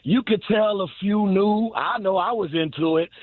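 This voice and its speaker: A man calling in to a sports radio show, telling an animated story full of laughs. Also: high voice, moderate pace, dry recording. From Chicago South Side. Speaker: caller. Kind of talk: excited phone call. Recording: tinny phone line.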